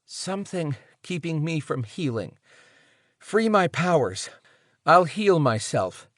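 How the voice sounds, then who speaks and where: A man voicing a wounded young woman warrior, rough-voiced, weak and sarcastically defiant. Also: medium pitch, sing-song, measured pace, no room sound, clean studio sound. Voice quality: rough, strained. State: weak from blood loss.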